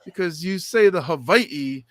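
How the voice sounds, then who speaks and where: A man co-hosting a podcast talks in an animated, joking way, tossing in quick asides. His voice is a touch high. The recording is dry and close. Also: dry recording. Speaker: podcast co-host. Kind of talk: casual chat.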